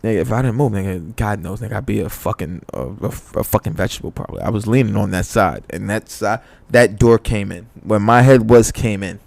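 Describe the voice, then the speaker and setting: A young podcast co-host swaps stories in casual conversation, cursing freely and raising his voice to act out quoted lines. The recording has no room sound, and his fairly low, creaky voice runs fairly quick with hardly any pauses.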